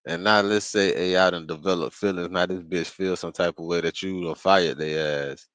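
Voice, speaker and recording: A man co-hosting a casual talk show, speaking profanely and building into loud rants. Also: low-pitched, no room sound. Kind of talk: casual chat.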